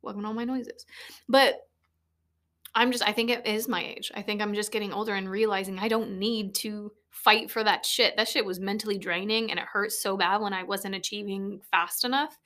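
A woman's voice: mid-range voice, steady tone, normal speed, bright, forceful tone. Foul-mouthed woman in her late twenties. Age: late 20s. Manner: blunt, swears often, laughs easily, rambling. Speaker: podcast host. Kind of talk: casual solo podcast monologue. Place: small converted shed recording studio. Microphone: studio microphone.

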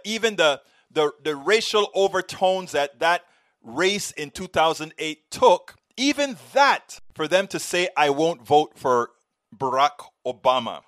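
This man, an author appearing as a guest, speaks with a high-sitting, slightly bright voice. In a fiery exchange he stresses his points forcefully, circles back to repeat them, and slips in stories.

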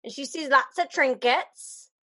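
A woman's voice: high-pitched, unhurried, sharp tone. A woman co-hosting a casual chat, talking in a playful, joking way.

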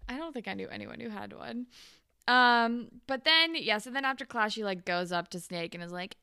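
A woman's voice: a little high, moderate pace, clear, resonant tone, no room sound, studio quality. A young woman co-hosting a podcast, recapping a TV episode in casual chat and acting out characters' lines with lots of laughs. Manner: animated, laughs often, acts out characters' lines. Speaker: podcast co-host.

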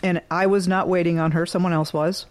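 Blunt, animated woman telling a story. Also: on the low side, a little fast. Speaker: realtor and bartender. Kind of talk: casual storytelling chat.

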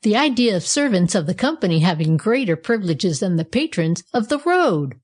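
A prim flamingo, indignant at the conductor, as a woman reading aloud puts him on. He speaks in a lively, swinging storybook voice. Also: medium pitch, brisk.

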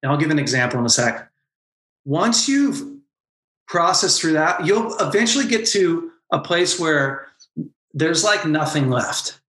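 A man's voice: a little high, expressive, unhurried, a bit bright, echoey room. A man and former pastor, talking as a podcast guest and telling an emotional personal story with earnest intensity. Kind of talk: candid podcast conversation.

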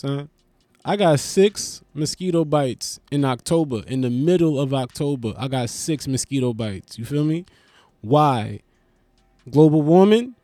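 A man doing a comedic monologue, animated and profane, riffing with lots of restarts. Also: a little high, dry recording. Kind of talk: stand-up style comedic monologue.

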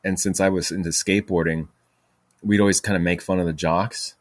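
A man's voice: sits low, steady tone, a little fast, dry recording, clean studio sound. A man hosting a podcast, telling stories in a rambling way with many fillers and restarts. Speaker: podcast host. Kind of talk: casual storytelling monologue.

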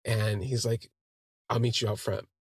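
A man's voice: fairly low pitch, little pitch movement, a little slow, husky, no room sound, studio quality. A man hosting a podcast, telling a personal story in a conversational way and quoting what friends said to him. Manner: conversational, recounting events with quoted dialogue. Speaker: podcast host.

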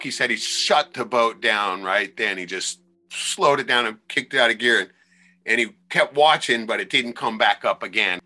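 A man, a former crab fisherman, telling wild sea stories in a loose, profane, animated way on a podcast. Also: medium pitch. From Alaska. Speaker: podcast guest. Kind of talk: casual storytelling.

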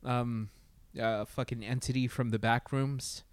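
A man's voice: mid-range voice, steady tone, a little slow, clean tone, dry recording. A man chatting casually about a TV show, hesitant, stumbling through restarts as he thinks aloud. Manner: hesitant, many restarts and fillers. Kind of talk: casual review chat.

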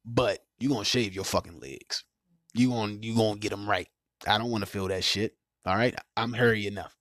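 A man's voice: fairly low pitch, brisk, dry recording, clean studio sound. Profane, ranting man hosting a podcast. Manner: profane, animated rants, laughs loudly. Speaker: podcast host. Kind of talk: casual podcast chat.

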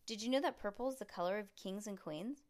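A woman's voice: medium pitch, a little mellow, natural voice. A woman reading aloud, voicing an eager young boy who fires off facts and questions. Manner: eager, rapid-fire questioning. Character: chatty excitable young boy full of facts.

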